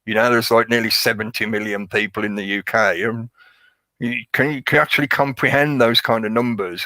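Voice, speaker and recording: Chatty sarcastic man, bright voice. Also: lowish voice, dry recording. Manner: chatty, sarcastic, laughs often. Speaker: live stream host. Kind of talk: casual rambling commentary.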